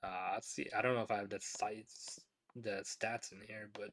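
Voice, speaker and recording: A man's voice: fairly low pitch, little pitch movement, moderate pace, a bit bright. A man hosting a casual sports podcast, talking loosely with lots of fillers and restarts as he reads chat. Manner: rambling, many fillers and restarts. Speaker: podcast host.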